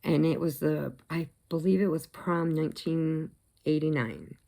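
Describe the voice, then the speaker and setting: A middle-aged woman telling long, animated stories in a casual vlog, laughing at her own jokes. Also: deep voice, a little slow, creaky. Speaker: crochet vlogger. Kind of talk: casual storytelling.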